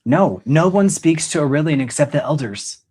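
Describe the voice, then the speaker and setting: Mira, read by a man as a hushed young woman. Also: a little high, expressive, normal speed, slightly rough, voice pushed up. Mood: grave. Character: Mira, young woman of an underground world, secretive. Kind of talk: audition scene reading.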